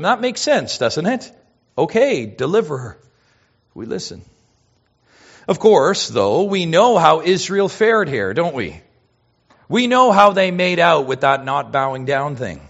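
A man preaching a sermon in a lively, fairly high voice that climbs on key words. He drops into hushed asides, then rises again. The sound is somewhat dull and lo-fi. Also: unhurried. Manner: expressive preaching, swinging between loud emphasis and hushed asides. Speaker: pastor.

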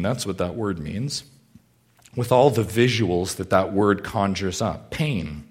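A man pastor preaching a sermon in a church, swinging from hushed, low moments to loud, urgent pleading.

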